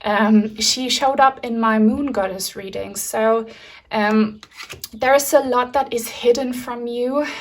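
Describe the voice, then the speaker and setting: A woman with a fairly high voice gives a pick-a-card tarot reading. She speaks in a soothing, reassuring way, easing the listener with spiritual guidance. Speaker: tarot reader.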